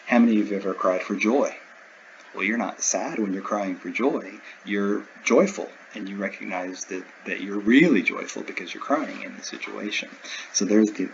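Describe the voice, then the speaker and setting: A man's voice: fairly low pitch, dull audio, a little hiss or hum. A man teaching a recorded lecture, explaining in a conversational way with everyday examples. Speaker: instructor.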